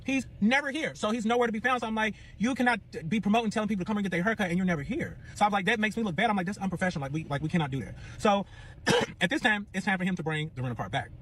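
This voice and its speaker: Fast-talking, profane storytelling man. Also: high-pitched. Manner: animated, profane, swings to yelling and back. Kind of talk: casual storytelling.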